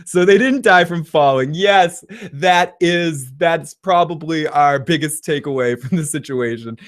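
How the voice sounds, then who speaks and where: A man's voice: fairly high pitch, unhurried. A man hosting a casual reaction livestream, rambling and joking, swearing freely and laughing often as he reads viewer comments. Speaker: livestream host.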